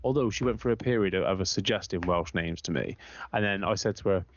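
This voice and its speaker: Speaking quickly in a fairly low voice, a man co-hosting a casual podcast tells wandering, cuss-filled stories and animatedly mimics others' words loudly. It's a dull, dry, lo-fi recording.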